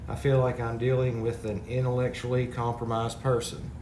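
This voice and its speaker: A man's voice: medium pitch, little pitch movement, normal speed. A man talking casually to his viewers, exasperated and rambling, reading out comments. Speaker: parody video maker. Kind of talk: casual complaint to camera. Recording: echoey room with background noise.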